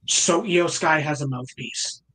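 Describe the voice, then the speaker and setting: A man's voice: fairly high pitch, a little slow, pushed and bright, breathy edge. A man co-hosting a casual wrestling podcast, thinking aloud and hedging as he talks. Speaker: podcast co-host.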